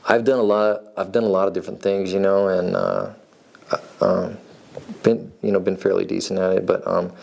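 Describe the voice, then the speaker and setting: A man's voice: deep voice, level tone, moderate pace, creaky, darkish tone. A man in his forties from Nevada, telling his own story in a rambling, laid-back way. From Nevada, USA. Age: 40s. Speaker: reality show applicant, farrier. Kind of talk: casual personal storytelling.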